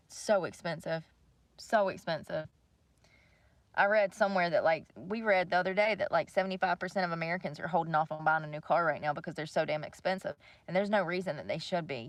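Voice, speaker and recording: A young woman with a lowish voice hosts a livestream, ranting casually to viewers about money. She's blunt and swears freely, and the sound is dry and close with no room sound.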